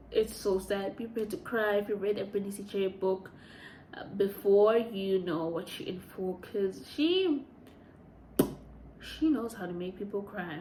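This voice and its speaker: A woman's voice: medium pitch, darkish tone, slight background noise. A woman chatting casually as a book reviewer, gushing about stories and rambling with lots of fillers. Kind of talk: casual chat. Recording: echoey room.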